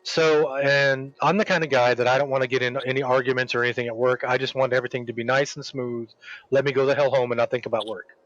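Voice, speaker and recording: Talking quickly in a mid-range voice, a man streaming a game spins a long, animated workplace tale and imitates the people in it. It's rambling, casual chat, and the audio sounds dull.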